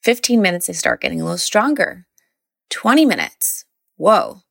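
A woman's voice: lowish voice, big pitch swings, a little fast, gravelly, dry recording, studio quality. A mother casually recounting a birth story, rambling and filling her speech with "like". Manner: rambling, heavy use of "like".

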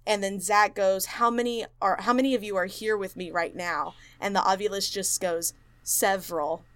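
A woman's voice: medium pitch, normal speed, smooth. A woman co-hosting a podcast, casually retelling a haunted-place story with lots of fillers and acted-out quotes. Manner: animated retelling, acts out quotes, many fillers. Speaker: podcast co-host.

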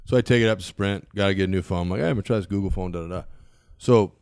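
A man's voice: low voice, racing, clean tone, no echo, clean studio sound. A man casually telling a funny story, acting out the people in it and laughing often. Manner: animated, acts out dialogue, laughs often. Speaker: guest.

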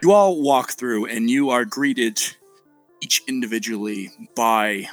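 A man running a tabletop role-playing game, describing scenes in a slow, halting way. His voice is bright and forward, and faint music sits under it. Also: medium pitch, low-quality recording. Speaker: game master.

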